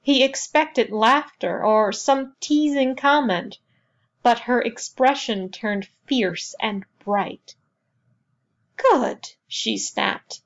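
A woman reading a novel aloud as narrator, in a measured, even storytelling manner. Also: fairly high pitch, lo-fi sound. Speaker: audiobook narrator. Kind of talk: scripted narration.

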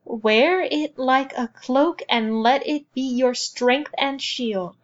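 A woman voicing a wise, fierce old woman elder, intoning blessings slowly and solemnly. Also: sits high, dull audio, pitched above the performer's own voice.

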